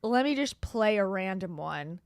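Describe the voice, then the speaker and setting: A woman's voice: medium pitch, lively intonation, measured pace, no room sound, studio quality. A woman hosting a gossip commentary show, talking in a sarcastic, scoffing way. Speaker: commentary host.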